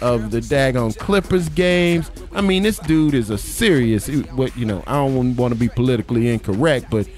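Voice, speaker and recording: A man's voice: medium pitch, normal speed, hardly any pauses, darkish tone, faint music behind. A man hosting a casual talk show, playful and given to repeating himself as he sets up the topics. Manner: repetitive, playful. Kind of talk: casual chat.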